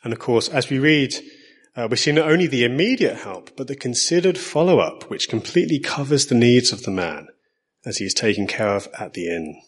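A man with an Essex accent giving a sermon, measured and earnest, slowing down to stress key lines. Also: medium pitch, animated, slightly rough. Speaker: preacher.

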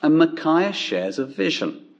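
Slow, deliberate male preacher. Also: very animated, lo-fi sound. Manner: measured, emphatic, drops low on key words. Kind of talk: sermon.

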